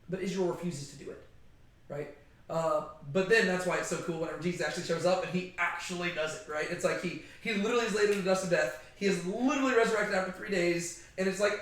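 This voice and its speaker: A man giving a casual, animated Bible study talk, chatty and conversational, often checking in with "right?". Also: sits high, fast. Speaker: Bible teacher. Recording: very echoey room.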